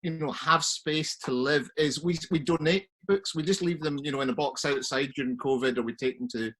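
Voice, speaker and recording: A man, a crime writer, chatting on an online panel as an animated, laughing storyteller. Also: fairly high pitch, fairly quick, husky. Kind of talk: casual online panel chat. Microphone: video call.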